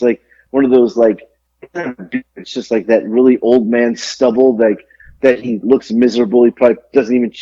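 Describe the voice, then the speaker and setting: A middle-aged man with a warm, husky, mid-range voice co-hosts a podcast in casual chat. He rambles, full of fillers and restarts, and the recording sounds muffled and lo-fi.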